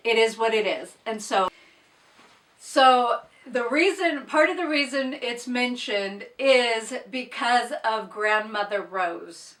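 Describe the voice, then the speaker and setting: A woman's voice: on the high side, slow, fairly bright tone, distant mic. A woman chatting casually through a book wrap-up, blunt and opinionated, with plain asides to the viewer. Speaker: book reviewer. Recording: echoey room, off-mic.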